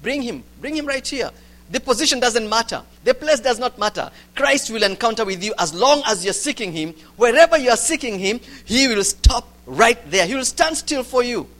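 A man preaching a sermon, swinging from loud urgency to hushed quiet. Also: extremely high pitch, animated, normal speed.

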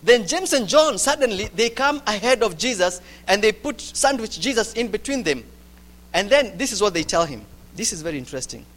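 A man preaching a sermon, swinging from loud urgency to hushed quiet. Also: high voice, sing-song, fairly quick.

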